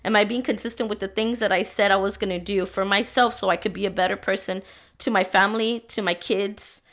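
A woman's voice: mid-range voice, fairly even intonation, brisk, fairly bright tone. A young woman hosting a faith-based motherhood podcast, talking earnestly with lots of "right?" and "like", her voice worn from being sick. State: sick, voice affected. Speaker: podcast host.

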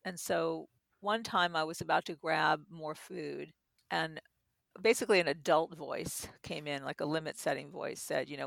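A middle-aged woman explaining with gentle personal examples in an interview. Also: low voice, fairly even intonation, normal speed, vocal fry, no room sound, studio quality. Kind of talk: reflective interview talk.

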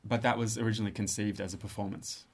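A man in his thirties with an Australian accent, a composer and musician talking through his work in a relaxed, thoughtful interview, often pausing and restarting. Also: fairly low pitch, husky. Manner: thoughtful, hesitant, with frequent restarts. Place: studio space.

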